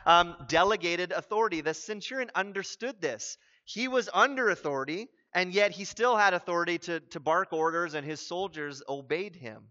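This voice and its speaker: A man preaching a sermon as a pastor, animated and building to emphatic exclamations. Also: high-pitched, lo-fi sound.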